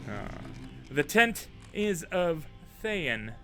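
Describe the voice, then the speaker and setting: A man narrating a tabletop game as game master, relaxed and chatty with frequent fillers. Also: on the high side, drawn-out words, soft background music.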